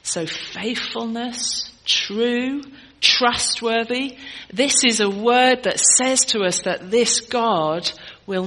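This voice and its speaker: A middle-aged woman preaches to her congregation. Her voice is bright and sharp. She talks in a chatty, teaching way and keeps putting questions to her listeners. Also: on the high side, slow, poor audio. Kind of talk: sermon.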